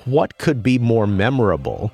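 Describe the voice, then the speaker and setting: A man's voice: mid-range voice, big pitch swings, normal speed, vocal fry, a little mellow, slightly rough. A man giving thoughtful, lecture-like commentary on music history, sometimes reciting lines to show their stress. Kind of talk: explanatory commentary.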